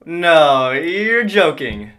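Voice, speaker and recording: A man's voice: on the high side, sing-song, extremely slow, a bit bright, full character voice. An actor playing an awkward, overly literal young man with a stilted way of talking. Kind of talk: indie comedy film acting.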